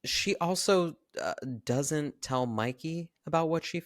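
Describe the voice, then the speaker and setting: A man's voice: a little high, lively intonation, unhurried, dry recording, studio quality. A man co-hosting a podcast in casual chat, with a laid-back way of talking. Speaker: podcast co-host.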